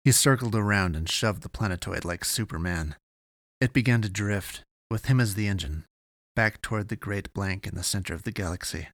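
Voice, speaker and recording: A man narrating a science fiction audiobook in a steady, measured way. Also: lowish voice, dry recording, studio quality.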